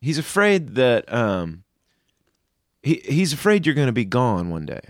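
A father co-hosting an advice talk, telling a personal story earnestly and with plenty of fillers. His mid-range voice moves a lot in pitch and sounds dry and close. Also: big pitch swings, measured pace, dry recording. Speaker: co-host, a father.

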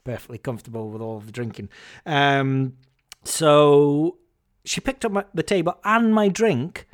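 A man hosting a podcast, telling a story in a casual, animated, wry and self-mocking way. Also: a little high, unhurried. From Scotland. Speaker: podcast host.

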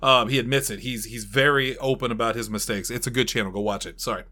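A man's voice: mid-range voice, fairly even intonation, quick pace, bright, forceful tone. A man chatting casually as a player in a tabletop game group, rambling on a tangent and apologizing for it. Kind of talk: casual chat.

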